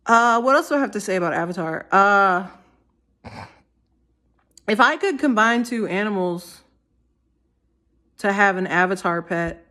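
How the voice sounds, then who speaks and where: A woman's voice: mid-range voice, expressive, measured pace, long pauses, bright, forceful tone. Giddy, giggly young woman rambling. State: tired. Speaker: vlogger. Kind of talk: rambling casual vlog.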